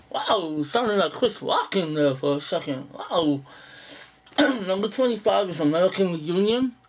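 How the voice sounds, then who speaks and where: A young man casually running through a list in an unedited video, blunt and profane, with sighs and halting fillers. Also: a little high. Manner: blunt, profane, dismissive opinions. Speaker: movie vlogger.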